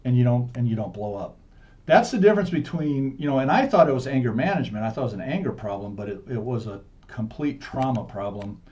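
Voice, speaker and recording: Middle-aged male guest, mellow and frank, slightly dull recording. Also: mid-range voice, expressive. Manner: earnest, frank, speeds up and slows down to stress points. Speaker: podcast guest. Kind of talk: candid conversational storytelling. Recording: dull muffled podcast audio.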